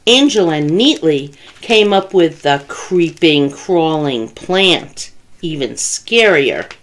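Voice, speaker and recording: Reading a picture book aloud slowly, a woman who works as a children's librarian tells the story in a low voice, gently and with expression.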